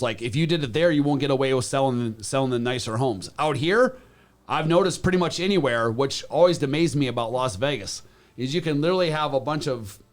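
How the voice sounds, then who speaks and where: A man from Wisconsin who sells real estate, chatting casually on a panel, animated and joking, often restarting his sentences. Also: fairly high pitch.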